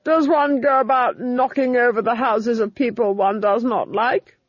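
A woman's voice: on the high side, fairly even intonation, dry recording, voice pushed up, close to an everyday voice. A woman voicing a cruel, imperious duchess with a scornful, commanding manner, in a dull lo-fi recording. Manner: scornful, commanding, drawn-out delivery.

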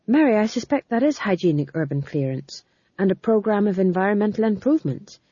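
A woman voicing an anxious, quick-witted male court jester who talks eagerly to please, in a dull lo-fi recording. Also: mid-range voice, lively intonation, dark tone, husky, dry recording, voice pushed up. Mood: placating. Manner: nervous, eager to please, talks fast when cornered.

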